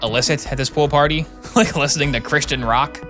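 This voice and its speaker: A man reading the lines of a sarcastic middle-aged doctor in a deadpan, mocking way. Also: a little high, a little fast, music in the background, close to an everyday voice. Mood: sardonic.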